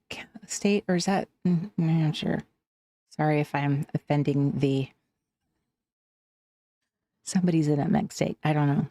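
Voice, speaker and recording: A woman's voice: lowish voice, dark tone, no room sound, studio quality. A woman hosting a craft livestream from home, greeting viewers by name in a chatty, self-correcting way.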